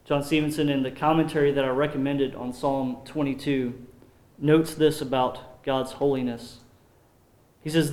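A man preaching a sermon as pastor, earnest and measured, often dropping his voice low on solemn points. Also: flat delivery, darkish tone. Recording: roomy echo.

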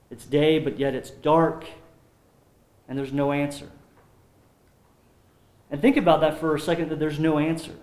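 Pastor guy preaching, earnest and slow-building, voice a bit on the high side, room echo all around. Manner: earnest, measured preaching with solemn drops in volume. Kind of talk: sermon. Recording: roomy echo.

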